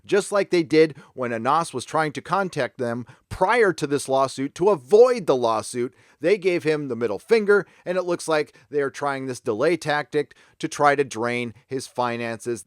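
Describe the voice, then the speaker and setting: A man's voice: mid-range voice, animated, normal speed, few pauses, dry recording, studio quality. A man hosting a commentary vlog who talks emphatically and drops sarcastic asides. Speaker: commentary channel host.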